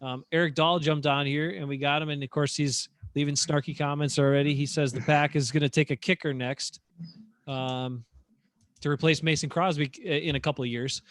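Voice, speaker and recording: A man's voice: fairly high pitch, fairly even intonation, fairly quick, no echo. A man co-hosting a casual sports chat show, opinionated and rambling with fillers. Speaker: podcast co-host.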